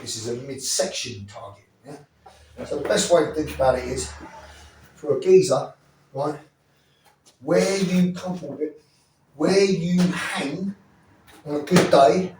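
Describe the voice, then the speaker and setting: Blunt profane instructor, keeps asking right?, sounds far from the mic in a super echoey room w faint background hum. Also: male voice, medium pitch, darkish tone. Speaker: self-defense instructor. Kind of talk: demonstration teaching.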